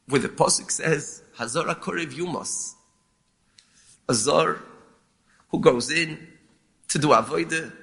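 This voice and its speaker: Halting, gravelly male rabbi teaching. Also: on the high side, fairly bright tone. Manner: measured and halting, with repeated words. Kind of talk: explaining a lament text, mixing Hebrew terms.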